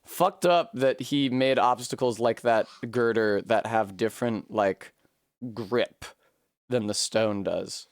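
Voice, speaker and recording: A woman streaming a video game, talking casually and profanely, rambling between tangents and breaking into high yelps and shrieks when things go wrong. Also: slow pace, dry recording, clean studio sound. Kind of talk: casual live-stream commentary while gaming.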